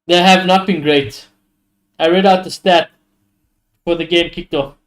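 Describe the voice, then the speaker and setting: A man's voice: high voice, fairly even intonation, normal speed. Blunt, swearing man reacting to football. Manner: blunt, swears often, opinionated. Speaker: streamer hosting a football watchalong. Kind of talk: live football watchalong commentary.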